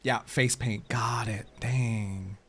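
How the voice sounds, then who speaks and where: A man's voice: medium pitch, slow, a little hiss or hum. Playful young male streamer. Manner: playful, joking, easily excited. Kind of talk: casual gameplay commentary.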